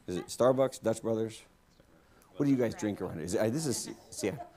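A man's voice: lowish voice, fast talker, dark tone. A man preaching a guest sermon in a church, joking with the congregation and bringing people up to take part. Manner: jokey, playful, talks to the congregation. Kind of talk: humorous sermon with audience interaction. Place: church sanctuary.

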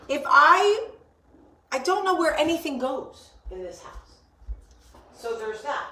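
A woman's voice: high voice, very animated, slow, long pauses, sharp tone, reverberant, slight background noise. A woman, hosting a casual chat to camera in a rambling, blunt, swearing way in her kitchen. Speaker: vlogger, show host.

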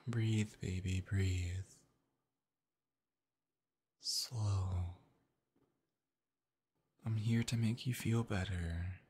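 A man in a whispered role-play as a boyfriend, talking softly and reassuringly, sometimes in an unvoiced whisper. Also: sits low, fairly even intonation, drawn-out words, long pauses, breathy edge. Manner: soothing, gentle, reassuring; soft, partly unvoiced whispering.

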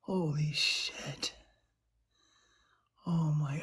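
A woman on a live stream whose voice is heavily breathy and husky. She talks low and slow, letting out gasped exclamations and sliding into whispers between lines. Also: steady tone, darkish tone. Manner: overwhelmed, gasping exclamations, often whispering. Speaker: livestreamer. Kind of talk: live stream chat with viewers.

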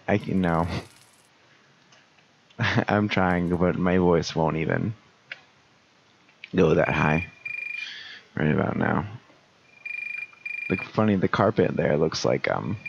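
A man's voice: low voice, takes it slowly, vocal fry, pauses often, muffled recording, slight background noise. A tired young man with a sore throat, talking through a video game in late-night commentary, groggy and joking at his own expense. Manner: tired, groggy, self-mocking. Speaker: gameplay commentator.

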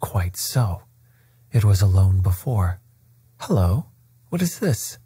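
A man voicing a coolly confident male detective in a bedtime story reading, calm and faintly ironic. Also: low voice, slow pace, slightly rough, dry recording, exaggerated voice.

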